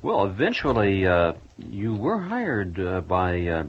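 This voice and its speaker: A man's voice: deep voice, wildly swooping pitch, slow, breathy edge. A man interviewing a guest on the radio, prompting with questions and some hesitations. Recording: dull lo-fi radio recording.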